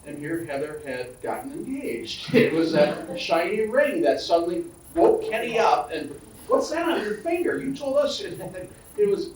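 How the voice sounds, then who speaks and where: A man's voice: medium pitch, creaky, darkish tone, a little hiss or hum. A man and county supervisor telling a jovial anecdote about a former colleague, laughing along at a public meeting. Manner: jovial storyteller who laughs at his own tales. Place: county board meeting room. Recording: roomy, distant meeting-hall mic.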